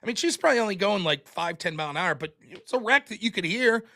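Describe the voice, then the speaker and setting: A man with a high, bright voice tells a story in a loose, casual way. He acts out the people he quotes and laughs often along the way. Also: animated, fast. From United States. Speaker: podcast host.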